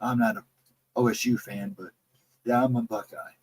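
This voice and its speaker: A husky middle-aged man with a Central Ohio accent chats loosely on a livestream. He rambles from story to story and reads out chat comments as he goes. His R and W sounds come out a bit soft, and his voice has a breathy rasp to it. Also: medium pitch, steady tone, normal speed, poor audio. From Central Ohio, near Columbus. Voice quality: trouble with R and W sounds. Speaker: livestream co-host.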